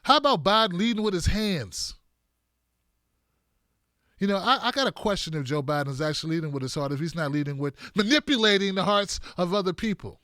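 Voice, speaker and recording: A man's voice: high-pitched, brisk, pushed and bright, dry recording, clean studio sound. A male host of a political commentary stream, combative, sarcastic and profane.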